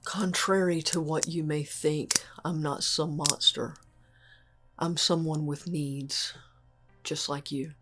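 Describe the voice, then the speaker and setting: An actress playing a cold, manipulative female psychopath who speaks slowly and calmly with quiet menace. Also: sits low, over music. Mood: menacing. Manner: slow, calm and menacing. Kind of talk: film drama dialogue.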